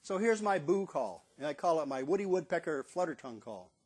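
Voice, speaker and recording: An older man in his seventies with a slightly high-pitched voice spins casual, animated stories. He jumps into the voices of the people he quotes and reminisces freely. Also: brisk, very noisy. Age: 70s. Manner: animated storyteller who acts out quotes in a raised voice. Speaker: stadium bugler. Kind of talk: casual storytelling monologue.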